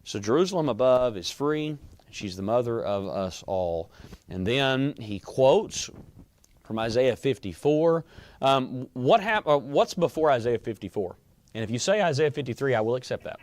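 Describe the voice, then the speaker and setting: A man's voice: medium pitch, animated, normal speed, darkish tone, no room sound. A man teaching a Bible class in a conversational way, often quizzing his students.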